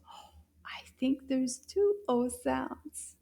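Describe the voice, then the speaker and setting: A woman's voice: sits high, expressive, slow pace, creaky, warm tone. A woman teaching beginner French words to young children, encouraging them in a sing-song voice and drawing out each syllable. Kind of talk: slow, clear children's lesson with repetition.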